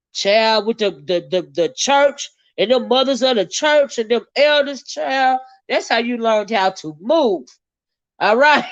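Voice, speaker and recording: A Southern woman hosts a casual livestream, talking straight to her viewers. She is sassy, laughs often and draws out her exclamations. Her voice sits a little high, and the recording sounds dry and a bit muffled. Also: a bit bright, no room sound. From American South. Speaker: livestream host reading viewer comments. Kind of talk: casual chat.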